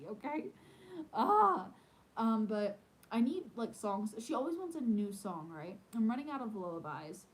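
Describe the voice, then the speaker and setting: A woman's voice: medium pitch, low-quality recording. A woman hosting a casual live stream from home, chatting in a rambling way with lots of fillers. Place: at home in the evening.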